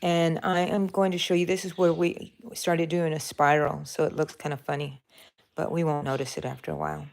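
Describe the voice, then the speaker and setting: With a low, creaky voice and a brisk, flat delivery, an older woman runs a crafting livestream from home. She crochets while rambling casually and responding to her viewers.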